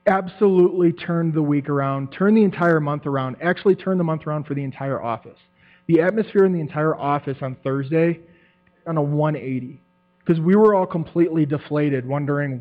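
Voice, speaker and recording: A man's voice: fairly high pitch, a little fast. A man giving a testimony to a church group, telling his story with animation, acting out quotes and laughing often. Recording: tinny phone-like sound with mains hum.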